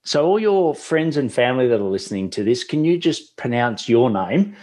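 A man's voice: mid-range voice, sing-song, moderate pace, darkish tone. A man with an Australian accent hosting a podcast in a chatty, enthusiastic way. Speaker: podcast host.

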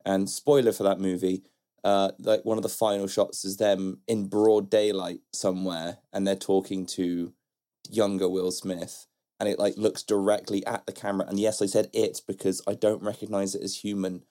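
A man co-hosting a podcast, telling stories in a relaxed, conversational way. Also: low-pitched, normal speed. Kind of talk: casual chat.

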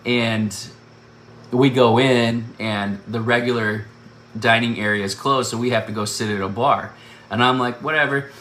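A man telling an animated personal story and laughing often as he goes. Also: medium pitch, moderate pace. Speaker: speaker sharing a personal testimony. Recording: echoey room with faint background noise.

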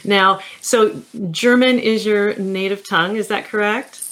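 A woman's voice: mid-range voice, fairly even intonation, measured pace, a bit bright. Friendly chatty woman podcast host. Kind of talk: podcast interview.

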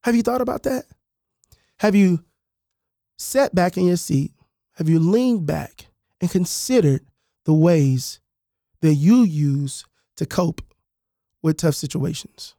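Fields: Sex: man. Role: podcast host and author. Style: casual storytelling monologue. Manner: animated, rambling, full of fillers. Sound: dry, close-mic'd. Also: fairly high pitch, slow, long pauses, no echo. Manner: animated, conversational, many fillers and restarts.

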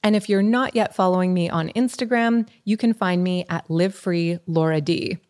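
Woman hosting a podcast, soft gentle voice, kinda low, wraps up the show. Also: moderate pace. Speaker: podcast host. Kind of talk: podcast host chat and outro.

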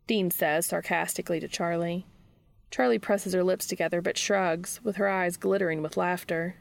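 Gravelly low-voiced woman reading a story. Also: steady tone, moderate pace, no echo. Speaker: podcast host reading fan fiction aloud.

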